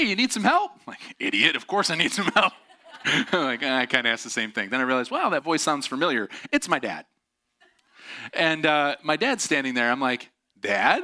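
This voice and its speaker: Animated bright-voiced man telling a story. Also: medium pitch. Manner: animated, acts out quoted voices, laughs often. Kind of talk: sermon storytelling.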